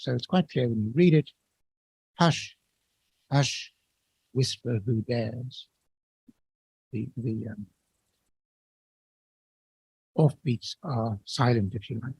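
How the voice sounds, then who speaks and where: Man lecturing on poetry, slightly husky voice, dry close sound, measured and explanatory. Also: medium pitch, mellow, no room sound, rough recording. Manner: measured and explanatory, with occasional restarts. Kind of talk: academic lecture.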